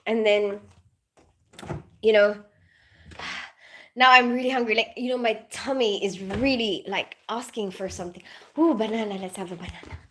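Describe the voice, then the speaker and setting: A woman's voice: medium pitch, moderate pace, long pauses, a bit bright, slight background noise. A woman chatting casually on a livestream, giggling often and greeting viewers as she goes. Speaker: nurse livestreamer.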